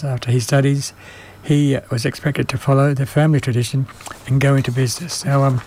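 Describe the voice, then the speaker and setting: A man presenting music on the radio, speaking haltingly with many pauses and fillers, and losing his voice. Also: mid-range voice, darkish tone, a little hiss or hum. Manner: halting, many ums and uhs. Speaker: radio music show host.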